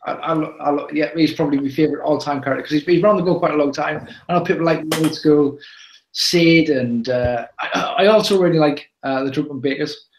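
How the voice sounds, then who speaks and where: A man's voice: fairly high pitch, brisk, a little hiss or hum. Rambling chatty man, roomy echo. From England. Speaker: podcast co-host. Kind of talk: casual chat.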